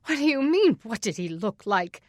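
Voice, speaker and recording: A woman's voice: medium pitch, lively intonation, measured pace, no echo, clean studio sound, close to an everyday voice. A woman voicing a frightened, indignant mother of a hurt teenager. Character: frightened, angry mother of an injured teen.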